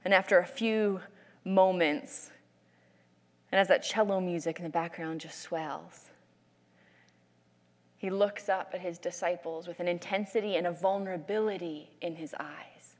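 A woman's voice: on the low side, measured pace, long pauses, in a large hall. Woman preacher painting scenes. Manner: animated storytelling with restarts. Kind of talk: sermon with vivid scene narration.

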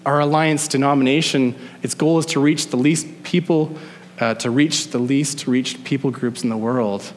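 A male pastor preaching a sermon, emphatic, slowing down to stress key phrases. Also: medium pitch, steady tone, in a large hall, slight background noise. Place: church sanctuary.

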